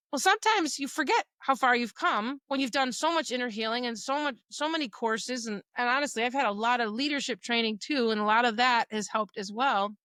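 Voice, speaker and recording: A middle-aged woman co-hosts a faith-based podcast, speaking earnestly and from the heart. Her voice is bright and slightly high. The recording is close-miked and dry, with no room sound. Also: no echo. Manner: earnest, emotional at times, uses quoted dialogue. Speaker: podcast co-host. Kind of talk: personal faith talk.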